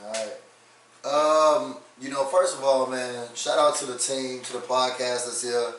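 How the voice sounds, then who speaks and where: A man co-hosting a podcast, giving laid-back, slangy shout-outs in casual chat. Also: medium pitch, steady tone, unhurried. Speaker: podcast co-host. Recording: echoey room, far from mic, faint noise.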